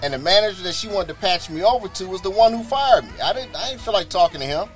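A man with a somewhat high voice speaks fast, sharing a personal testimony in a loose, spoken style. He animatedly acts out what others said in quoted dialogue, often repeating words and restarting mid-sentence, while faint music plays softly behind him.

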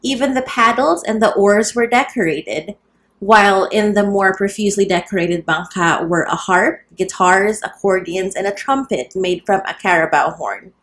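A woman's voice: normal speed, fairly bright tone. A woman narrating a novel chapter aloud, raising her voice for the characters' lines. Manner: lifts pitch and volume for quoted characters. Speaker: audiobook reader. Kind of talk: scripted narration.

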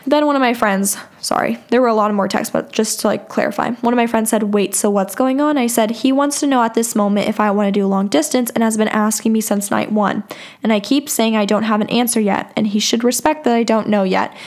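A young woman with a slightly high voice talks straight to her listeners. She is blunt and profane, and sounds exasperated as she reads through old texts and tells her side of a story, casual and unpolished throughout. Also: fairly even intonation, a little fast, darkish tone. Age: young adult. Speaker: podcast host.

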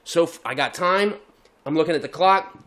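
A man's voice: fairly high pitch, moderate pace. A man co-hosting a podcast, telling a story in casual chat and swearing constantly. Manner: profane, animated storytelling with heavy swearing. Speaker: podcast co-host.

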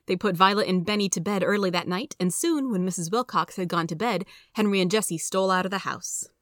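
A woman narrating a children's story aloud in a steady, even storytelling manner. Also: medium pitch, fairly quick, no echo, clean studio sound.

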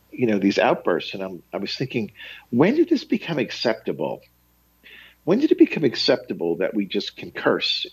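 A man's voice: lowish voice, breathy edge, highs cut off. A man, a Catholic priest, hosting a radio talk reflection in an emphatic, moralizing way.

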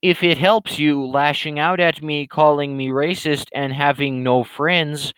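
A smug preachy troll guy, as a man puts him on, higher and drawn out, lecturing slowly, smooth and dry on the mic. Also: steady tone, fairly bright tone, no echo, low-quality recording. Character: preachy, condescending male online troll.

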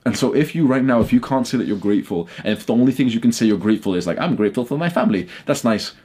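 A man's voice: medium pitch, very fast, a little mellow, husky. A young man talking to camera from his bedroom, blunt and heated, swearing often as he rants. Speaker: YouTuber. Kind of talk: casual talk to camera.

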